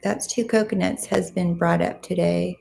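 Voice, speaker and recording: A woman's voice: lowish voice, fairly even intonation, normal speed, creaky, darkish tone. A woman hosting a casual livestream, greeting viewers and reading their comments aloud in a chatty, friendly way. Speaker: livestream host.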